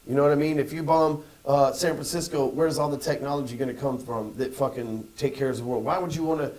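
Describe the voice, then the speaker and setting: A man co-hosting a podcast in casual, profane chat, animated and acting out voices. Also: mid-range voice, quick pace, rough recording. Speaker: podcast co-host.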